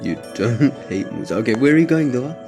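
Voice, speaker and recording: Man, father and vlogger, low-key and jokey, casual family vlog delivery. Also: lively intonation, fast, music in the background.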